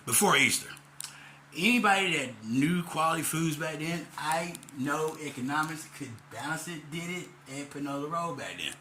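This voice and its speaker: A man rants to the camera in a rambling, angry monologue full of swearing. His voice is bright and forceful. A faint hum of ambience sits behind him. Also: a little high, lively intonation, moderate pace, echoey room. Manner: loud and heated in the second half. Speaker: vlogger. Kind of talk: ranting monologue.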